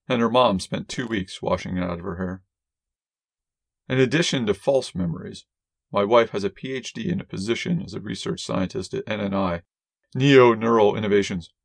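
A man reads a first-person story aloud in a measured, wry, deadpan manner. His voice sits on the low side. The recording is dry and close, with no room sound. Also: vocal fry, no room sound. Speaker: audiobook narrator. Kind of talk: first-person fiction narration.

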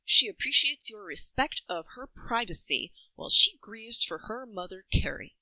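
A fierce, protective woman, as a female narrator puts her on, barks at intruders in a high, raised voice. The tone is bright and cutting, recorded dry and close. She sounds like an audiobook character at full temper. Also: expressive, normal speed, no room sound, full character voice, low-quality recording. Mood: sarcastic. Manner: angry, raised and sharp.

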